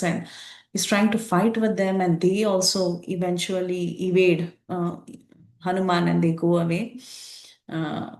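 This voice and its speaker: A woman teaching a scripture class, retelling an epic story in an animated way with many fillers. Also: fairly low pitch, echoey room.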